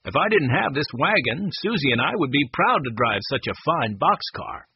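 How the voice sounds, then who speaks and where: A cheerful, folksy old vendor with a husky, lively voice, as a male narrator puts him on. It sounds dull and dry. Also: medium pitch, moderate pace, no echo, heavily acted. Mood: friendly. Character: cheerful older ice cream vendor.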